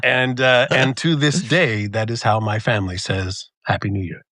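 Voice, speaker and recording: A man's voice: mid-range voice, normal speed, dry recording, studio quality. A man co-hosting a podcast, telling a story in a casual chat and acting out the people in it. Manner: animated storyteller who acts out the people in his stories. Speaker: podcast co-host.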